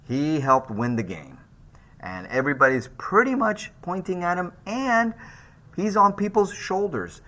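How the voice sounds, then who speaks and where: Male art teacher, recorded lecture, animated pitch, casual delivery with restarts. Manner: lively, conversational, with frequent restarts and fillers. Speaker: art instructor.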